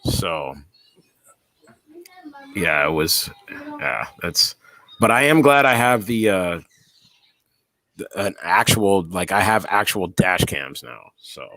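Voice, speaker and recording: Casual host, lowish man's voice, animated storyteller, dry close sound. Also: slow pace, pauses often, no room sound. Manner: animated storyteller, acts out reactions. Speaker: dash cam channel host. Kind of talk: casual chat.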